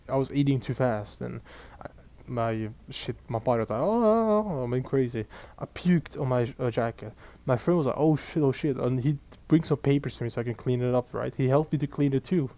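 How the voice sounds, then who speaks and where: A young man, ranting casually and profanely to camera in an exasperated, animated way. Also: medium pitch. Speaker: vlogger.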